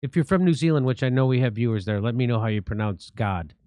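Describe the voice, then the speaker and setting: A man's voice: mid-range voice, expressive, quick pace, dark tone, dry recording. A man hosting a livestreamed political talk show, speaking in a sarcastic, indignant and profane way. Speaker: show host.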